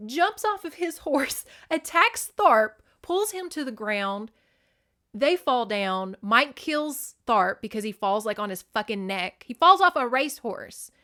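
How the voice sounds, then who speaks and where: A woman's voice: on the high side, bright, forceful tone. A woman hosting a podcast, casually recapping a novel in a chatty, profane way with lots of "like" fillers. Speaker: podcast host.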